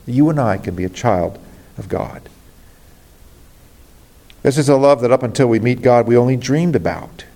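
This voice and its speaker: A man's voice: mid-range voice, darkish tone. Earnest male pastor preaching. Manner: earnest, rising to emphatic exclamations. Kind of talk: sermon.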